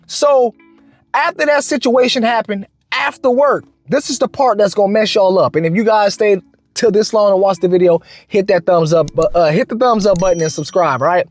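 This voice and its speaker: A man vlogger telling a work story in a casual, slangy, animated way, with lots of restarts. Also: high voice, moderate pace, faint music behind.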